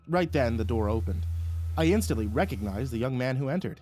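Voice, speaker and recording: A man reading a first-person story aloud in an expressive, dramatic way. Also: mid-range voice, a little fast, soft background music. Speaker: narrator.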